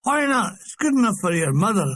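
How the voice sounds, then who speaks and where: Give me a man playing a teasing young soldier pal with crude wisecracks, pitched high. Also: big pitch swings, a little fast, a bit bright, dry recording. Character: cheeky young male army comrade, crude joker.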